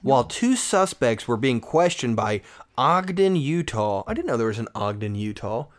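A man's voice: mid-range voice, very animated, normal speed. Man podcast co-host, casual, jokey, reads stories with tangents. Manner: joking, reads stories aloud with asides. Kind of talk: casual chat reading news stories.

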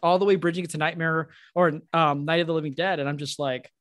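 Male podcast host, slightly high voice, dry close mic, excited fan energy. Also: fast, no echo. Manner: enthusiastic, filler-heavy, laughs often. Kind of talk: casual podcast chat.

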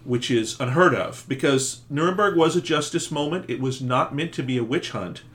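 A man's voice: medium pitch, a bit bright. Male co-host, chatty, jumps in with asides in a casual history talk. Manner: chatty, quick to agree and riff. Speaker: podcast co-host.

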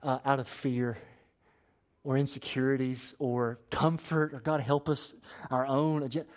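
A young man preaching a sermon as pastor, animated and asking the congregation to answer back. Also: medium pitch, a little slow. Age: young adult. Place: church sanctuary.

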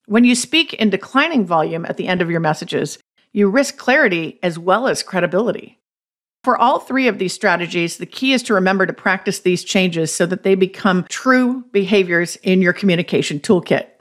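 A woman's voice: fairly low pitch, animated, moderate pace, fairly bright tone. A woman hosting a podcast, giving a scripted, instructive narration. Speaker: podcast host.

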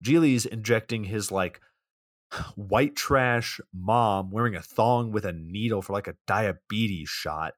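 A man's voice: lowish voice, takes it slowly, dry recording, studio quality. A man co-hosting a podcast, recapping a movie's plot in a laid-back, sarcastic way. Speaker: podcast co-host.

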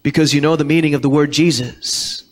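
A pastor preaches in a church sanctuary, emphatic and repeating key words while quoting scripture in King James wording. His voice is on the high side, fairly even in intonation and a little fast.

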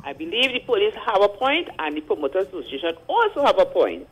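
Lively high-voiced man caller. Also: quick pace, husky, rough recording. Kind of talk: call-in radio commentary.

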